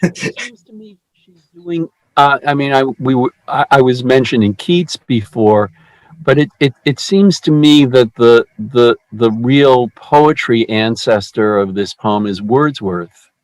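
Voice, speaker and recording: A man leading a poetry discussion group, talking in a halting way with many restarts and fillers. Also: mid-range voice, no echo, low-quality recording.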